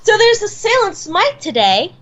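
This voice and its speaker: A woman's voice: very high-pitched, big pitch swings, moderate pace, highs cut off, crowd noise. A woman co-hosting a gaming podcast, cracking playful jokes. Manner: joking, playful quips. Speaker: podcast co-host. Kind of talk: casual gaming chat.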